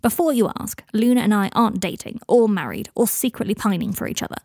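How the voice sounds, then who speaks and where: A woman's voice: mid-range voice, quick pace, a little mellow, no room sound, studio quality, natural voice. A woman reading the part of a bitter, restless young man who talks in a snide, sarcastic way in an audiobook fan-fiction reading.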